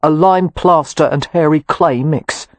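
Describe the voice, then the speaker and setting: A man's voice: on the high side, a little slow, no echo. A man reading an audiobook, voicing a curt, hostile young Romany man who growls his words.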